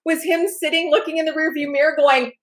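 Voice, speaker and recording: A woman guesting on a podcast tells a story in a casual, chatty way, with a somewhat high voice at a fairly quick pace. She's animated and laughs often while acting out other people's voices. The recording is rough.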